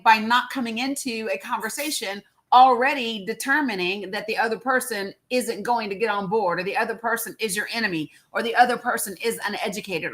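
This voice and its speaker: A woman's voice: a little high, a bit bright. A woman hosting a live social audio stream, talking casually to her listeners and greeting them by name. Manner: chatty, addresses viewers by name, many fillers. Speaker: livestream host.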